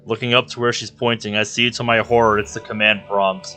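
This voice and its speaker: A man's voice: fairly low pitch, little pitch movement, fairly quick, bright, forceful tone, faint music behind. A man streaming a visual novel, reading its narration aloud in a dramatic way with emotional outbursts. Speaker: game streamer.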